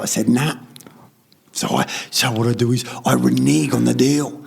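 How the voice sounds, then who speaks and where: A man's voice: mid-range voice, fairly even intonation, normal speed, gravelly, a little mellow, breathy edge. A middle-aged Australian man, a podcast guest, telling a story in a rambling, fired-up way, swearing heavily and acting out other people's lines. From Sydney, Australia. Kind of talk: candid storytelling in conversation.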